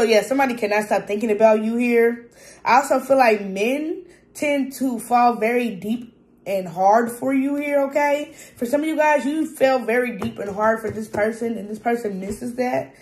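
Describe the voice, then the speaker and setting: A casual, chatty woman reads tarot cards straight to her viewers, her voice sitting a little high. She swears freely, laughs easily and keeps asking "okay?" The room around her rings with a noticeable echo. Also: a little mellow. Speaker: tarot reader.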